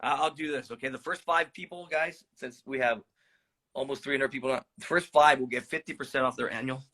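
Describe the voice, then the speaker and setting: A man's voice: mid-range voice, brisk, sharp tone. A man hosting a live stream about trading stocks, talking loosely to viewers, rambling, swearing and calling them "guys".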